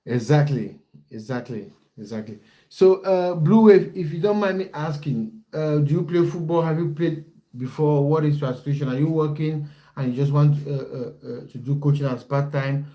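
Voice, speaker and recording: Mellow-voiced young man chatting on a livestream. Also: a little high, normal speed. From based in the United Kingdom. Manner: chatty, reads out chat comments, restarts often. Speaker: football coach and livestream host. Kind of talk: casual livestream chat with viewers.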